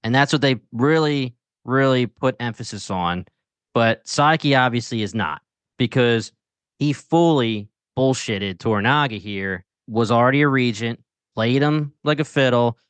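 A man co-hosting a casual talk show about a TV series, animated and slangy, often breaking into laughter as he tells his reactions. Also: mid-range voice, no room sound. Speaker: podcast co-host. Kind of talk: casual chat.

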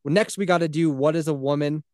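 A man co-hosting a casual podcast, talking in a profane, animated way and laughing often. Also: fairly high pitch, fast, no echo, clean studio sound. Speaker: podcast co-host.

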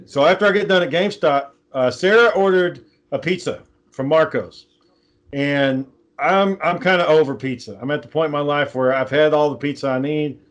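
A man's voice: on the high side, moderate pace. Rambling casual-talking man. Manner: rambling storyteller, many fillers and restarts. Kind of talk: casual chat.

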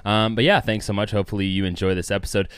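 A man's voice: fairly low pitch, steady tone, quick pace, clean tone, no room sound, studio quality. A young man co-hosting a podcast, bantering casually and laughing easily. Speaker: podcast co-host. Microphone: studio podcast mic.

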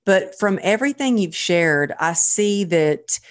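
Woman, podcast host, gushing, casual chat, slightly low pitch. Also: expressive, a little slow. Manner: effusive, gushing with praise.

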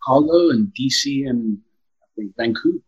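A man from London, a podcast guest who tells lively stories and laughs often. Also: mid-range voice, moderate pace, muffled recording. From London, England. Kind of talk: casual interview chat.

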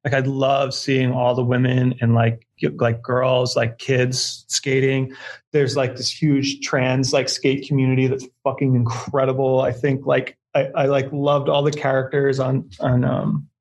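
A man's voice: mid-range voice, completely flat delivery, unhurried, darkish tone. A man who is a creative director, talking as a podcast guest in a rambling way, full of filler words and swearing. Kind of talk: casual podcast conversation.

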